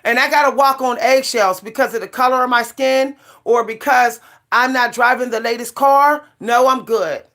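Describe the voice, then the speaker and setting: A middle-aged woman with a fairly high voice rants casually to her camera. She talks emphatically and circles back to her points with short, punchy refrains. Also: normal speed, fairly bright tone. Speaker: vlogger.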